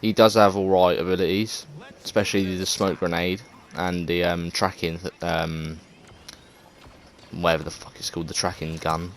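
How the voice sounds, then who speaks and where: A man's voice: sits low, flat delivery, normal speed, a little hiss or hum. An English man giving casual, rambling gameplay commentary, full of fillers, restarts and swearing. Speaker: gaming video creator.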